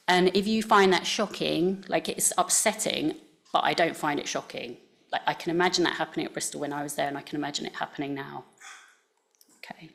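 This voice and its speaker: Woman presenter, near-RP accent, deep voice with vocal fry, chatty delivery with plenty of ums. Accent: near received pronunciation English. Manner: conversational, with frequent fillers. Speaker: speaker giving a talk to scientists. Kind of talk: presentation talk. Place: talk venue.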